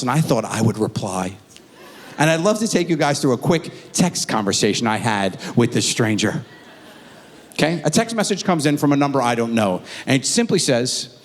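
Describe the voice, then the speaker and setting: A man performing live stand-up on a theatre stage, telling stories with animated energy and acting out characters. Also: medium pitch. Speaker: stand-up comedian. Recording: live theatre with long reverb.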